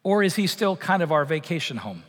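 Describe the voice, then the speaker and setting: A middle-aged man from Canada delivers a sermon in a loose, conversational way, full of fillers and restarts. His voice sits high for a man. A long reverb trails each phrase, as in a church sanctuary. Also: big pitch swings, fairly quick, fairly bright tone. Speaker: pastor.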